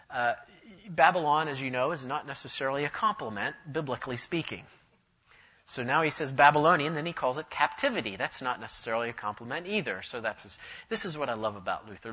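A man's voice: medium pitch, bright, forceful tone, breathy edge, lo-fi sound. A man giving a church history lecture at a conference, enthusiastic and jokey, wandering off on asides. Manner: humorous, digressive, enthusiastic.

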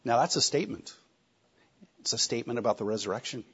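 A man preaching a sermon, emphatic, with rhetorical questions and shifting loudness. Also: mid-range voice, lively intonation, fast talker, husky. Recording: slightly dull lo-fi recording.

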